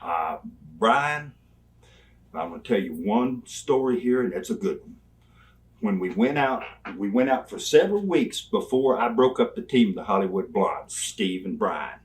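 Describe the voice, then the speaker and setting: An older man, interviewed as a guest, spins animated wrestling stories and bellows out old exchanges with gusto. He speaks unhurriedly in a lowish voice, captured on a distant mic.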